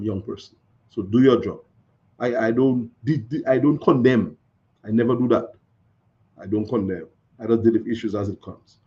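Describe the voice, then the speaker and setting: Guy chatting on a live stream, folksy and repetitive, kinda gravelly, muffled sound. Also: mid-range voice, warm tone. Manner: chatty, folksy, repeats phrases. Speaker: live-stream host reading viewer comments. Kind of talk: casual live-stream talk. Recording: dull lo-fi stream audio.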